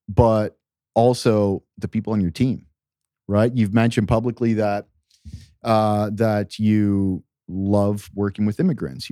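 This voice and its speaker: A man asking measured, thoughtful questions in a conversational interview. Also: on the low side, mellow, dry recording, clean studio sound.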